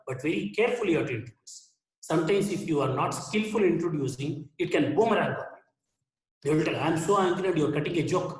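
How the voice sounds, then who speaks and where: A man giving a conversational self-help lecture, his voice set a little high for a man. He talks through everyday examples and slips into little acted bits of inner dialogue. The sound carries a roomy echo. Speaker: webinar speaker on anger management.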